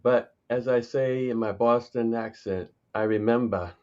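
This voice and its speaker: A middle-aged man co-hosting a radio talk show in casual chat, exclamatory and quick to laugh. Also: mid-range voice, fairly even intonation, crowd noise. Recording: muffled lo-fi sound.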